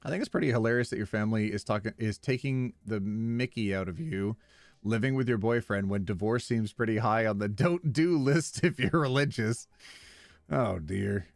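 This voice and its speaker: A man's voice: lowish voice, normal speed, no room sound, soft background music. A man streaming, casually reading online posts aloud with playful, wry commentary and easy laughter.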